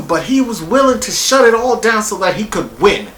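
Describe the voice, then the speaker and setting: Excitable, rambling male reviewer with a lively, up-and-down delivery, recorded in an echoey room. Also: high-pitched, moderate pace, hardly any pauses. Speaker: TV show reviewer. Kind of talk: casual spoken review.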